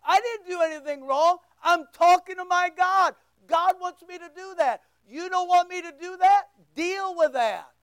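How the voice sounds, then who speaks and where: A bold, defiant prophet protesting his innocence, acted out by a preacher. His voice sits high and pushes forward firmly. The sound is dry and close. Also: a little slow, hardly any pauses, dry recording.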